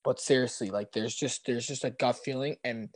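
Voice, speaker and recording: A young man from Canada telling a podcast host about a football trip, excitable and laughing often, repeating himself as he goes. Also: medium pitch, normal speed, no room sound. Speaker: podcast guest. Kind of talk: casual sports chat.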